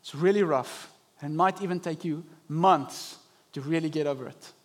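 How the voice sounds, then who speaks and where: Young male pastor, high-pitched, animated sermon delivery. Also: normal speed. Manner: animated preaching, acting out inner voices. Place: church service.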